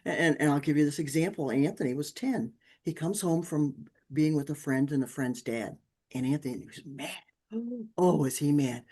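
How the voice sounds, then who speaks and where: A woman, a parenting author, telling stories in a podcast interview and acting out the people she quotes. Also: normal speed. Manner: animated, acts out quotes with big pitch jumps.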